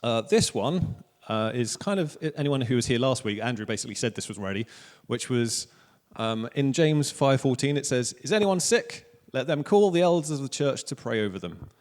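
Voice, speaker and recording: A man in his thirties with a Welsh accent, preaching a relaxed sermon with jokes at his own expense. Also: mid-range voice, moderate pace. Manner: casual, joking, self-deprecating preaching. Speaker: pastor. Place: church hall. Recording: long church hall reverb.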